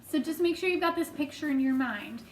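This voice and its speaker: A woman's voice: sits high, expressive, a little fast, distant mic. A woman reading a children's book aloud, adding friendly asides for her listeners. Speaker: storytime reader. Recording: echoey room with faint noise.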